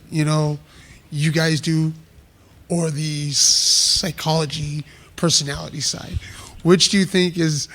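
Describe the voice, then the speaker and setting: A man in the audience at a live event puts a question to the panel. He speaks earnestly and haltingly, pausing as he searches for the right words, with a mid-high voice. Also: fairly bright tone. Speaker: audience member asking a question.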